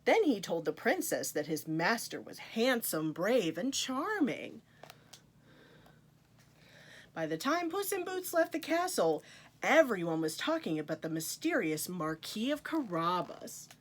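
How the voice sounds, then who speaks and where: A woman's voice: mid-range voice, sing-song, a little slow. A woman reading a picture book aloud to children, with playful asides to her young listeners. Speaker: storytime reader.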